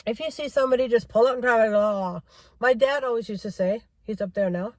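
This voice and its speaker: A woman's voice: fairly high pitch, quick pace, no room sound. A middle-aged woman vlogger in a car, giving a rambling driving-safety rant and repeating herself for emphasis.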